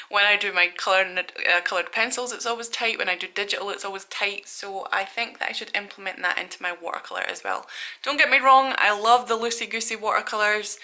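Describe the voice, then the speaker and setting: A woman's voice: medium pitch, bright, forceful tone. A woman in her thirties from Scotland, chatting casually and rambling in a studio vlog, laughing at herself. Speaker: artist vlogger.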